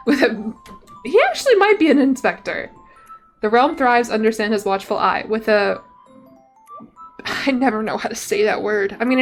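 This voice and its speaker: A woman's voice: mid-range voice, creaky. A woman streaming from her room at home, chatting playfully with her viewers and reading game text aloud into a desk mic. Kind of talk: casual gameplay commentary.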